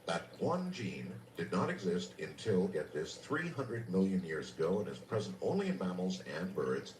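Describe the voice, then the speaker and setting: A man hosting a late-night radio show, reading news items and a humorous story with dry delivery. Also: normal speed. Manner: dry storytelling with lively pitch swings. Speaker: radio host. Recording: roomy distant radio recording with faint hiss.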